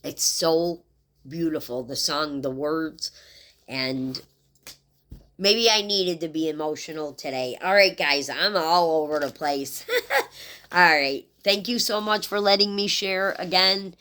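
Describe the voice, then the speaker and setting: Middle-aged woman with a low voice, tarot reader, rambling and heartfelt vlog delivery. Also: normal speed, hardly any pauses, bright, forceful tone, clean tone. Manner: rambling, heartfelt, talks straight to viewers. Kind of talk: casual tarot reading vlog.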